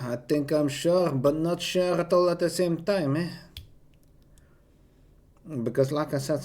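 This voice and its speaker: Man, voice-acting streamer, casual self-introduction, slow, somewhat high voice, rambling and hesitant. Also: darkish tone. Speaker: voice actor streamer.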